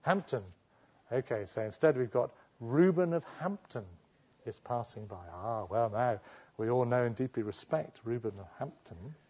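A man preaching a sermon at a middle pitch. He asks his listeners rhetorical questions and acts out the voices he quotes. The recording is slightly dull and lo-fi. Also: animated, normal speed, darkish tone, husky.

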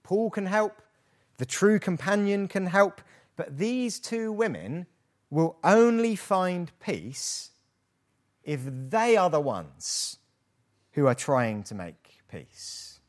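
British male pastor, slow lively sermon delivery, rhetorical tag questions. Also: high-pitched. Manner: lively, rhetorical questions, mock-hesitant asides. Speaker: preacher.

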